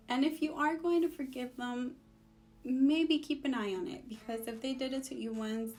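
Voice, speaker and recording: Young woman, sassy storytime vlogger, high-pitched, faint music behind. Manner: sassy, animated, switches between English and Spanish. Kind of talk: storytime vlog.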